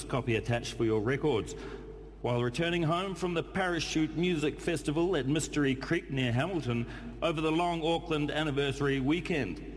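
A man with a New Zealand accent reads a letter with dry, deadpan comic timing. His voice sits fairly high, and the recording carries a long reverb tail over faint background noise. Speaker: actor reading a letter aloud. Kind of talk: comic reading.

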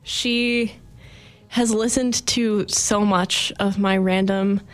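A woman's voice: medium pitch, steady tone, slow. A young woman hosting her college radio show, chatting in a rambling, heartfelt, filler-heavy way into a studio microphone. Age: young adult. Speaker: campus radio host. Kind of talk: sentimental farewell radio chat.

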